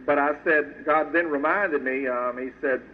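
A man's voice: a little high, measured pace, slight background noise. Brief: male sculptor, earnest folksy testimony to a church crowd, lo-fi phone-like radio sound. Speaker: Christian sculptor giving a testimony. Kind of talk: personal testimony to an audience. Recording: tinny phone-like radio audio.

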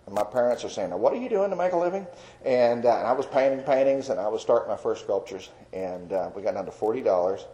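A man giving an earnest, rambling personal testimony as a Christian artist, with fillers and soft laughs. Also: lowish voice, poor audio.

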